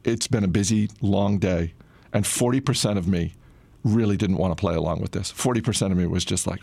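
A middle-aged man casually telling a personal story in a relaxed, conversational way, with frequent "uh" fillers. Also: low-pitched, brisk, creaky, slightly rough, dry recording.

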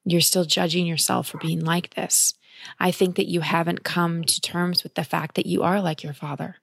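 A woman's voice: lowish voice, flat delivery, normal speed, gravelly, fairly bright tone, breathy edge, no echo, clean studio sound. A woman giving a caller direct, emphatic emotional coaching in a conversation. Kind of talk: advice conversation.

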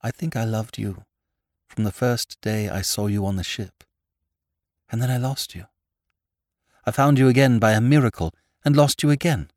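A man's voice: mid-range voice, darkish tone, dry recording, clean studio sound, pitched above the performer's own voice. A man reading aloud voices an ardent young man who speaks urgently and with rising passion. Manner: urgent, pressing, growing impassioned.

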